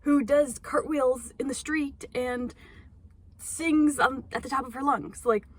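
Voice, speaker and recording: This casual vlog features a young woman speaking slowly in a high voice with fairly even intonation. She's in a parked car, rambling into her phone, self-conscious and leaning on lots of fillers.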